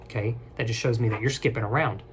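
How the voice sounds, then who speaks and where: A young man rambling casually to his viewers, joking one moment and halting the next. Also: mid-range voice, slight background noise. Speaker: vlogger.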